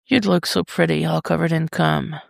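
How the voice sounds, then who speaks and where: A reader voicing a dominant but tender adult male lover in an audio story, speaking low and coaxing. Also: steady tone, normal speed, gravelly, dry recording, studio quality. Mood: dark, coaxing.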